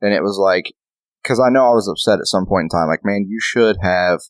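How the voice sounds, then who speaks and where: A man's voice: sits low, fast, dry recording. A man co-hosting a podcast in casual chat, profane and rambling, acting out quotes as he talks. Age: adult, a parent. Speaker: podcast co-host.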